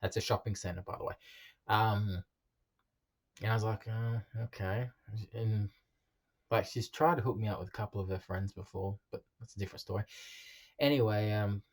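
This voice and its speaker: A man telling his own life story in a halting, confessional way, with frequent ums and restarts. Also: fairly low pitch.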